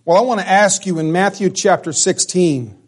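A man preaching a sermon, emphatic, sometimes dropping to a hush, and often restarting his words. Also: sits high, moderate pace. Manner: emphatic, drops to a hush for dramatic lines.

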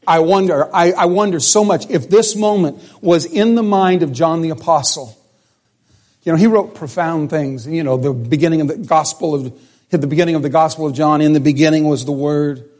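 A man preaching a sermon as pastor, repeating phrases and swinging between loud emphasis and hushed speech. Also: a little high.

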